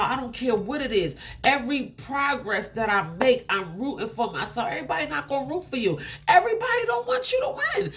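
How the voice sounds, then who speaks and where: A woman's voice: high voice, fairly bright tone, a little hiss or hum. A woman, giving a motivational talk at home in an emphatic, preachy way, repeating phrases. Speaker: motivational vlogger. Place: at home, partly on a treadmill.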